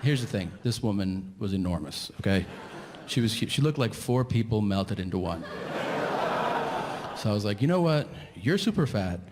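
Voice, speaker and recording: A man doing a stand-up comedy set, telling his story in an incredulous, ranting way that climbs toward shouting. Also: fairly low pitch, expressive, normal speed. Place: large theater stage with audience. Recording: live hall with long reverb and audience noise. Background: audience laughter.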